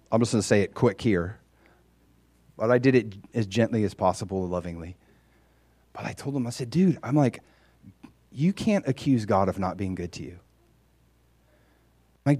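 A man preaching a conversational sermon, dropping quiet and then rising loud and emphatic. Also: mid-range voice, breathy edge, dry recording.

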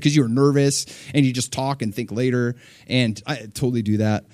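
A middle-aged man preaches with loose, animated energy. He keeps breaking into acted-out voices with big leaps in pitch. His voice sits in a middle range and is recorded close and dry. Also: brisk, few pauses, no room sound. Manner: animated, acts out voices of people and God with sudden pitch jumps. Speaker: pastor. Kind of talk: sermon.

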